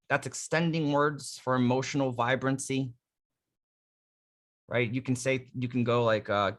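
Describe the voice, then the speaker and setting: In this live coaching session on using the voice, a male dating coach speaks casually but emphatically and shows each technique himself. His pitch is medium and his tone a bit bright.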